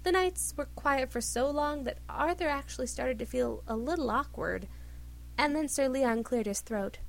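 A woman reading a story aloud with expressive narration. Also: high-pitched, moderate pace, vocal fry. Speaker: reader. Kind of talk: reading fan fiction aloud.

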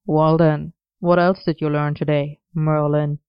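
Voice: mid-range voice, flat delivery, a little slow, smooth, no room sound, muffled recording, natural voice. A narrator voicing an exasperated but fond young man in a story reading, dry and amused. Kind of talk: audiobook reading of a romance story.

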